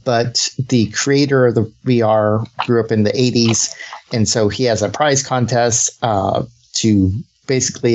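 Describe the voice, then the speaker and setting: A young man hosts a casual podcast, rambling through his thoughts with plenty of fillers and frequent chuckles. His voice sits at an ordinary pitch. The recording is dull and lo-fi, with faint hiss underneath. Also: a little mellow. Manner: rambling, laughs often, many fillers. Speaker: podcast host.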